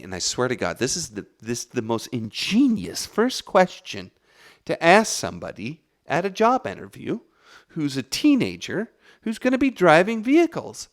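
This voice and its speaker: A man, the podcast's host, telling a long story in a rambling, profane, casual way. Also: mid-range voice. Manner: rambling, profane, animated, with restarts.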